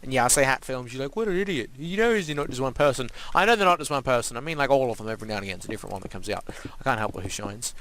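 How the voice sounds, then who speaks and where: A man's voice: medium pitch, expressive, very fast, fairly bright tone. A young man giving casual, rambling let's-play commentary and playfully talking to the animals and objects in his game. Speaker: gaming channel host.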